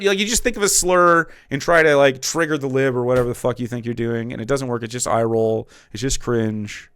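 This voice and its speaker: Loud, profane man ranting on stream. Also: mid-range voice, a little fast, hardly any pauses, clean tone, no echo, studio quality. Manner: profane, mocking, loud rants with sudden drops. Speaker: streamer host. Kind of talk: heated political commentary.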